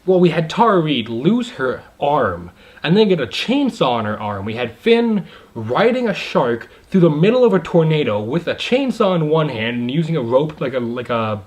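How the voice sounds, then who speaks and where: A young adult man giving a casual video movie review, excited and rambling, with many asides and fillers. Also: on the high side, moderate pace.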